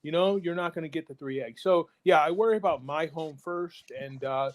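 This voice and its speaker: A man's voice: fairly high pitch, normal speed. An American man on a podcast, talking in a blunt, rambling way with casual political chat. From United States. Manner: blunt, rambling, laughs often. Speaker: podcast guest.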